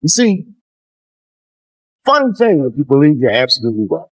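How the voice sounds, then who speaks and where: A man performing live stand-up comedy, telling profane stories that swing into shouted rants. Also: on the high side, big pitch swings, normal speed, long reverb tail. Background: audience laughter.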